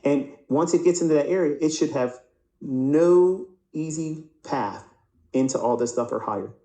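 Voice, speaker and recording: A man's voice: a little high, normal speed, warm tone, reverberant, low-quality recording. A man teaching a live trading lecture over price charts, who asks rhetorical questions and answers them himself and often repeats or restarts words. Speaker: trading instructor.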